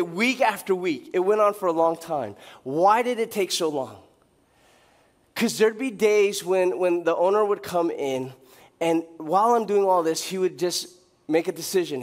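A male pastor preaching a sermon, telling a personal story with lively, animated delivery and acting out quoted lines. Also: sits high, normal speed.

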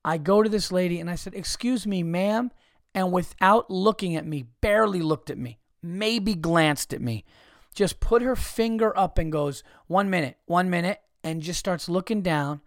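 A man hosting a podcast, telling stories in a profane, animated comedic rant with frequent restarts. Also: sits high, moderate pace, no room sound, studio quality. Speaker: podcast host.

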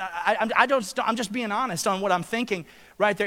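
A man, preaching a sermon in a church. He swings between loud, impassioned exhortation and hushed storytelling. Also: sits high, fast talker, long reverb tail. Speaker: pastor.

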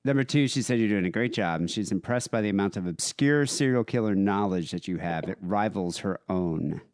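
A man's voice: lowish voice, brisk, dry recording, studio quality. A man co-hosting a casual podcast, reading listener emails aloud. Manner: reads emails aloud with lively, shifting delivery. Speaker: podcast co-host.

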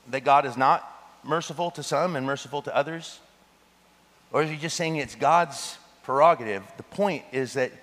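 A man preaching a sermon as pastor, animated, with joking asides and laughter. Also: a little high. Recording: long hall reverb.

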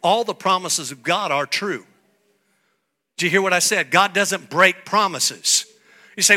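A male pastor preaching a sermon, swinging from soft playful asides to shouted declarations. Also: high voice, unhurried, long pauses.

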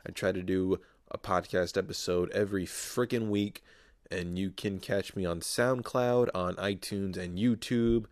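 A man hosting his own podcast alone, ranting casually and swearing freely, quick to flare up. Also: low-pitched, steady tone, no echo, studio quality. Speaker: podcast host.

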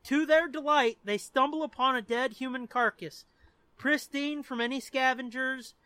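Podcast co-host, man, mid pitch, bright tone, profane and giggly, dry close mic. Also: fairly even intonation, normal speed, clean tone, no echo. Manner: profane, laughs often, tells jokes. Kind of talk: casual chat.

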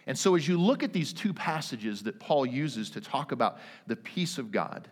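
A man in his thirties preaching a sermon, earnest and emphatic, with dramatic pauses. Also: mid-range voice, animated, slightly rough. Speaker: pastor. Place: church sanctuary. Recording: long reverb of a church hall.

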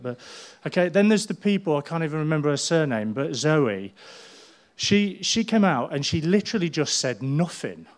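Animated man telling a story. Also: a little high, normal speed. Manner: animated storytelling, acting out people's voices. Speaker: pastor. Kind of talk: sermon.

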